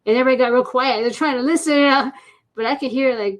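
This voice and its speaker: A woman's voice: fairly high pitch, fast talker, highs cut off. A woman guest on an interview show, a paranormal investigator telling stories in a chatty way and acting out the voices of people she quotes. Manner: chatty, acts out quoted voices, laughs often. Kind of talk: casual storytelling interview.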